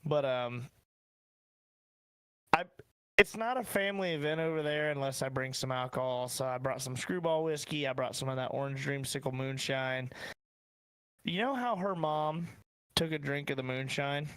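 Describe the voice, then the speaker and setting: A man's voice: medium pitch, normal speed, long pauses, fairly bright tone, clean tone, no echo. A man with a Midwestern American accent hosting a casual podcast, telling family stories in a laid-back way with swearing. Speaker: podcast host.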